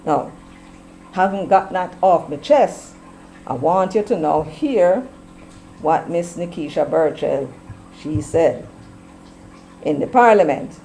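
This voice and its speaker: A middle-aged woman with a Jamaican accent, delivering opinionated political commentary in a forceful, preachy way and slipping into patois. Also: fairly low pitch, expressive, slow pace, long pauses, slight background noise, rough recording.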